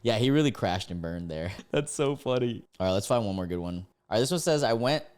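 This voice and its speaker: A young man reading dating app posts aloud and reacting casually, laughing and breaking into sudden high-pitched disbelief. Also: animated, quick pace, a little mellow.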